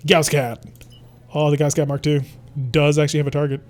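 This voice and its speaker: A man's voice: fairly high pitch, monotone, a little fast, darkish tone, faint music behind. Playful man narrating his game. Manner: playful, theatrical, talks to enemies. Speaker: gameplay commentator. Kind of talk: let's-play commentary.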